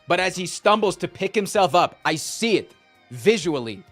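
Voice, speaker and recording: Man telling a loud animated story. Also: high-pitched, moderate pace, soft background music. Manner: animated storytelling with frequent swearing; reads and answers chat messages. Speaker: livestreamer. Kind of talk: casual stream chat.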